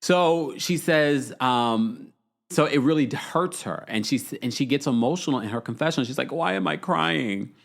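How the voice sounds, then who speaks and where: A man hosting a live reality TV recap show, reading viewer chat comments aloud and laughing often in an animated way. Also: mid-range voice, normal speed. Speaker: podcast host.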